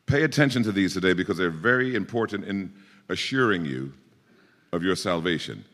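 A man's voice: low-pitched, expressive, fairly quick, in a large hall. A man preaching a sermon, explaining scripture verse by verse and pressing his points with emphatic exhortation. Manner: emphatic, rising to forceful exhortation.

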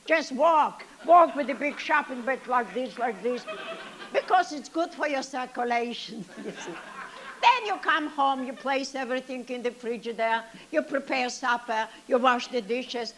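A woman's voice: high voice, a little slow, fairly bright tone. A woman performing a comic monologue as an elderly grandmother, telling stories with dry self-pity and sing-song asides. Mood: wry. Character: elderly Yiddish-speaking grandmother, chatty and wry.

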